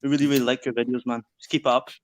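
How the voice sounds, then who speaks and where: A man from Scotland on a video call, asking a question quickly and earnestly, with fillers. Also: mid-range voice, little pitch movement, dry recording. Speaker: caller. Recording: dull lo-fi call audio.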